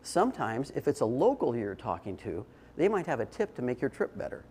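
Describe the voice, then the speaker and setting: Older man, presentation to an audience, conversational storytelling, mid-pitched voice, faint background ambience. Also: very animated, a little fast, darkish tone, slight background noise. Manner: conversational storytelling with frequent restarts and fillers. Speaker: speaker giving a short workplace talk. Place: indoor event space.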